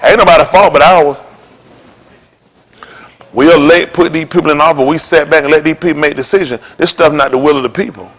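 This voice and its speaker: A man preaching an informal sermon to his congregation in a folksy, joking way that rises to shouts. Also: fairly high pitch, fairly even intonation, fairly quick, long pauses. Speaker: congregation leader.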